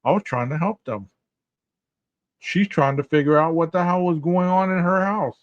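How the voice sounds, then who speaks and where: A man talks through his podcast in a casual, rhetorical way, turning questions straight to his listeners. His voice sits a little high. The recording is dry and a bit dull, close to the mic. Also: normal speed, no echo. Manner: rhetorical, addresses listeners directly. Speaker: podcast host.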